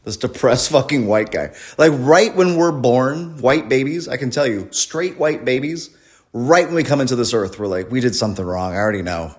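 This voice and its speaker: A man's voice: medium pitch, animated, normal speed. A man performing a rambling, crude, self-deprecating stand-up comedy set at a live show.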